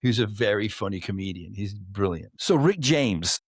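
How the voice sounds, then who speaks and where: A man telling stories casually as a podcast guest, animated and swearing freely, acting out other people's voices. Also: fairly low pitch, normal speed, husky, dry recording, clean studio sound. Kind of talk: casual storytelling chat.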